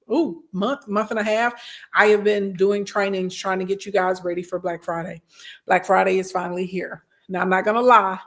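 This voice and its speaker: Blunt, chatty woman coaching. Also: mid-range voice. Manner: chatty, blunt, scolding, says "y'all" and "okay?" often. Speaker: business coach hosting a livestream. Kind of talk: casual livestream talk to followers.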